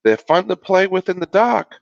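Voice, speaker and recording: A man's voice: high voice, normal speed, vocal fry, no echo, pitched above the performer's own voice. A man voicing a cheerful playful older sister in an upbeat storybook voice. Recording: dull lo-fi video call audio.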